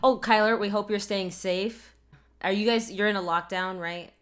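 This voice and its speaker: A woman co-hosting a casual interview, bubbly and quick with her questions. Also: mid-range voice, fairly even intonation, fairly bright tone. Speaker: co-host.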